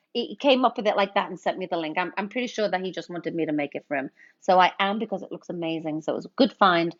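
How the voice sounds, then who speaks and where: A woman hosting a casual cocktail livestream, chatting as she mixes drinks and greeting viewers with pet names like honey. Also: mid-range voice. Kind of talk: casual livestream chat while mixing drinks. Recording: slightly dull lo-fi stream audio.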